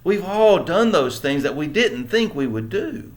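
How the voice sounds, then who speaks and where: A man's voice: fairly high pitch, big pitch swings, a little slow. A man with a Southern American accent teaching a church Bible lesson in an earnest, conversational way, often turning to his listeners with questions. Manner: earnest, conversational, with many restarts; asks listeners rhetorical questions.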